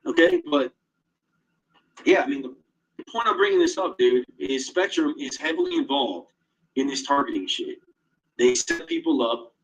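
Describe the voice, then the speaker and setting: Agitated, swearing man with a husky voice. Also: mid-range voice, wildly swooping pitch, normal speed, pauses often, rough recording. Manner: agitated, profane, heavy swearing. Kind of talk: casual monologue.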